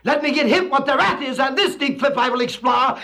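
A man's voice: extremely high pitch, fairly quick, vocal fry, pushed and bright. A man performing a comic poem recitation in hipster jive slang, with a theatrical, dramatic delivery.

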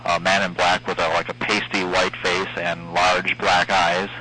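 Male radio host, very low voice, hesitant delivery, noisy broadcast sound. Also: level tone, bright, forceful tone. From Minnesota. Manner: halting, many uhs and restarts. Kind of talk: casual radio call-in conversation. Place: home, calling in.

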